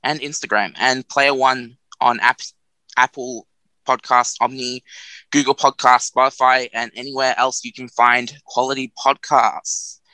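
A man's voice: medium pitch, fairly even intonation, measured pace, pushed and bright, no echo, poor audio. A man co-hosting a community radio show, chatting casually in a rambling, self-mocking way and laughing at his own jokes.

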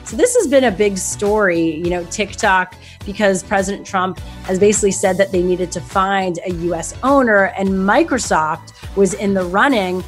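A woman's voice: mid-range voice, normal speed, hardly any pauses, faint music behind. A woman hosting a trending-news show, upbeat and chatty. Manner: upbeat, chatty, laughs easily.

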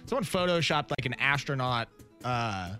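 A man's voice: medium pitch, lively intonation, moderate pace, bright, forceful tone, faint music behind. A man hosting a sports talk radio show from a studio, chatting in a laid-back way and reading the show's promos. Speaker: radio host.

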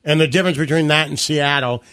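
A man co-hosting a talk show, telling stories in a relaxed, chatty way. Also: fairly high pitch, fast. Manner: storytelling, relaxed, uses "you know" a lot. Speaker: co-host. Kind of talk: casual studio chat.

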